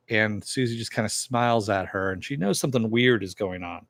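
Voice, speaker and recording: A man with a lowish voice runs through a TV episode in a casual, rambling recap. He fills his talk with "uh" and "you know" and drops jokey asides. The sound is dry and close, with no room around it. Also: brisk, fairly bright tone, dry recording. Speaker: TV episode reviewer and host.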